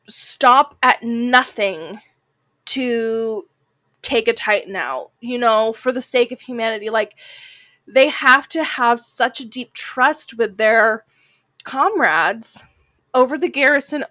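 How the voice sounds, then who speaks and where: A woman co-hosts a casual anime discussion podcast, chatty and leaning heavily on "like" fillers in a somewhat Valley-girl way. Her voice is a little high and fairly bright, she takes things slowly, and there's no echo.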